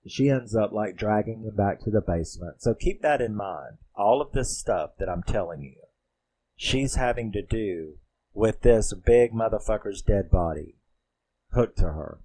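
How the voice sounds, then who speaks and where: Slow-talking man recapping a film. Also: lowish voice, expressive, mellow, slightly rough. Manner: rambling, profane, acts out quotes. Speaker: movie reviewer. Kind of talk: casual plot recap.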